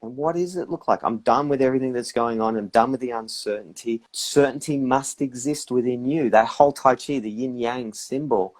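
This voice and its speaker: Reflective man giving calm advice. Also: medium pitch, normal speed, few pauses. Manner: reflective, acts out inner voices. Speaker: guest practitioner. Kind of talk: casual advice chat on a live stream.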